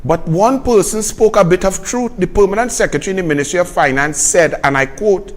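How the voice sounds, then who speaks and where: A Trinidadian man delivers a political commentary monologue with a high-pitched voice. He is sarcastic and mocking, jumping between loud jabs and quiet, muttered asides. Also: a little fast.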